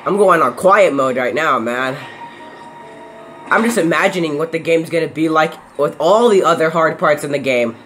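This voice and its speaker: A man's voice: a little high, moderate pace, fairly bright tone, a little hiss or hum. A young man casually commenting on his own horror game playthrough, jumpy and yelping when startled. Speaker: gameplay commentator. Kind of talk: casual let's-play commentary.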